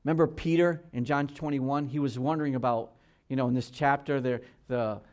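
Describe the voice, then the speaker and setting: A man's voice: medium pitch, steady tone, fairly quick. A man in his sixties, a pastor, preaching an earnest, conversational sermon and checking in with his listeners. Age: 60s. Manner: swings between loud emphasis and quiet asides.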